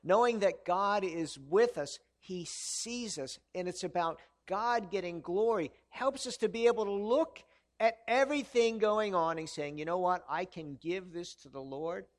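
A pastor with a high voice delivers a sermon in an earnest, conversational way, often posing rhetorical questions to the congregation.

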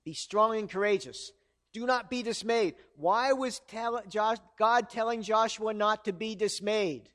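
High-voiced man preaching earnestly. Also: a little slow, fairly bright tone. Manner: earnest, conversational preaching with rhetorical questions. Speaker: pastor. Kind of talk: sermon.

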